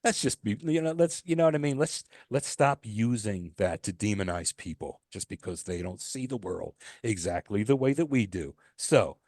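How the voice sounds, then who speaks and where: A man's voice: fairly low pitch, animated, normal speed, few pauses, darkish tone, no room sound, clean studio sound. A man co-hosting a podcast, talking in an emphatic, ranting way with many restarts. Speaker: podcast co-host. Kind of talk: casual podcast chat.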